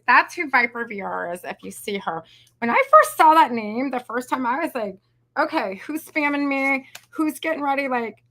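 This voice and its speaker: A bright, chatty craft video host in her forties, her voice on the high side, rambles through a casual live craft tutorial. She keeps calling her audience "y'all" and "you guys."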